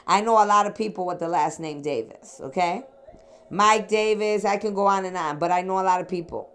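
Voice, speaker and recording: A woman from the Chicago area talks through a psychic reading in a loose, rambling way. Her voice sits at an ordinary middle pitch. She speaks straight to her listeners and checks in with them as she goes. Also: fairly quick, fairly bright tone, clear, resonant tone. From Chicago area, USA. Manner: rambling, addresses listeners directly with "okay?" and "sweetheart". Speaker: psychic reader. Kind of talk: casual spiritual reading monologue.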